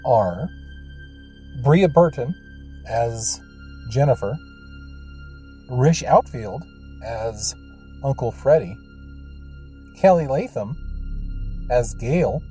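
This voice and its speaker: A man narrating an audio drama in a measured, even storytelling manner. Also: medium pitch.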